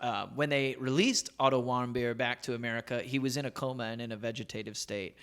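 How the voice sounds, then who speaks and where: A man's voice: mid-range voice, steady tone, brisk, fairly bright tone, clean tone. A man hosting a casual, comedic podcast chat, swearing freely and laughing often as he rambles. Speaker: podcast host.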